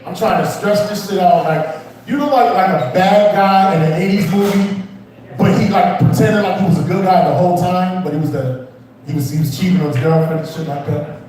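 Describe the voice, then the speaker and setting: A man's voice: sits high, brisk, darkish tone, far from the mic. A young man doing a rambling stand-up set at a small open mic, swearing and chatting with the crowd. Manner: loose, rambling, swearing, crowd-work asides. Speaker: stand-up comedian. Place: small comedy club. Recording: roomy echo, off-mic.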